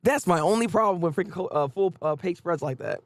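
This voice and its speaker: Animated, high-voiced man reacting casually. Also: quick pace, dry recording. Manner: chatty, animated, stammering restarts. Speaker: manga reaction host.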